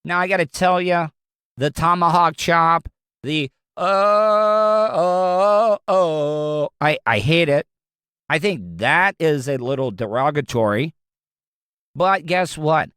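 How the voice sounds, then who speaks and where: Man, Southern American accent, blunt, rambling, fairly high voice, dry sound. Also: slow pace, fairly bright tone, smooth, dry recording. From Southern United States. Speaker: podcast host. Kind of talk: casual opinion talk.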